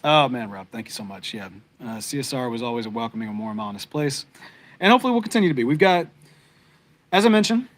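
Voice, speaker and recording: A man's voice: mid-range voice, animated, fast talker. Rambling, heartfelt man with a drawl. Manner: rambling and heartfelt, many fillers and restarts. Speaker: podcast co-host. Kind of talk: casual live-stream chat with viewers.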